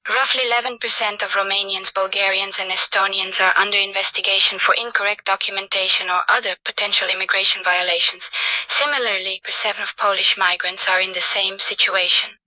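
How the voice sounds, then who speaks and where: Woman reading out numbers, flat factual delivery, super bright voice. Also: medium pitch, brisk, no echo, low-quality recording. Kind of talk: scripted narration of statistics.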